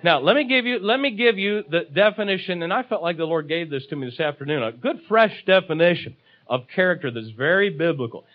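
Emphatic high-voiced preacher man, lively. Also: a little fast, narrow, tinny audio. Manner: emphatic, repeats key phrases, calls for audience responses. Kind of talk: sermon.

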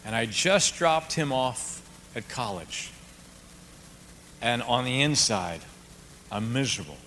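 Male pastor, lively storytelling sermon, bright and forceful voice, long hall reverb with faint room noise. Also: medium pitch, slow. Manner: animated storyteller, swings from hushed to shouting.

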